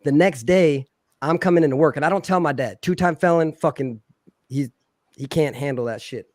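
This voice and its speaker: Profane storytelling man, slightly high voice. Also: moderate pace, no echo. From Philadelphia. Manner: profane, animated, acts out quoted voices loudly. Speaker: podcast co-host telling a story. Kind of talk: casual storytelling.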